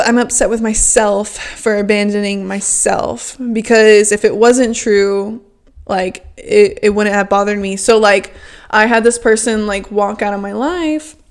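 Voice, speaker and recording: A woman's voice: mid-range voice, clear, resonant tone. A woman hosting a podcast, talking frankly and emphatically in a casual self-help monologue, with lots of "like" fillers. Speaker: podcast host.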